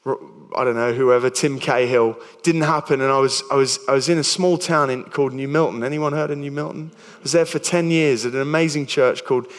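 A man's voice: medium pitch, steady tone, brisk, few pauses, in a large hall. A man in his thirties with an Australian accent, preaching a sermon in a chatty, stumbling way with self-deprecating jokes. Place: church hall.

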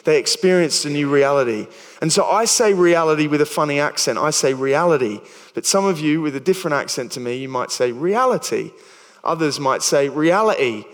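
A man in his thirties preaches fast in a church hall, his slightly high voice smooth and the room sound big. He has an Australian accent and a chatty, stumbling style, poking fun at himself.

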